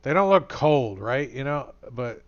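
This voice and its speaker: A man's voice: mid-range voice, expressive, unhurried. Rambling male game master, lo-fi. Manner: casual, rambling, many fillers. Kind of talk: narrating a tabletop game.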